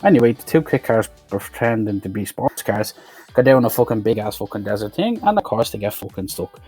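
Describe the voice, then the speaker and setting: A man's voice: fairly low pitch, animated, brisk, dark tone, husky, faint music behind. A man giving a blunt, swear-heavy review of an action film, talking casually and with exasperation. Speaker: movie reviewer.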